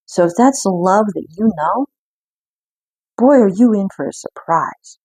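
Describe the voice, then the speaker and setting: A woman giving an intuitive card reading in an earnest, reflective way, with frequent pauses. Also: medium pitch, expressive, a little mellow, breathy edge, no echo. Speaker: spiritual card reader.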